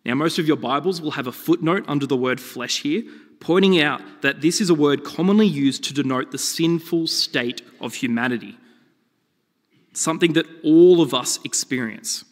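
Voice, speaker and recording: A man preaching a sermon, telling stories with lively, shifting emphasis. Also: fairly high pitch, moderate pace. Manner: animated storytelling with shifting emphasis. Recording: long reverb of a hall.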